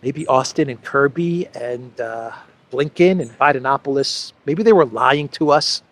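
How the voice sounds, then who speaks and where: A man's voice: mid-range voice, measured pace. Sarcastic man hosting political commentary. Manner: sarcastic, repeats phrases for effect. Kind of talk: solo political commentary monologue.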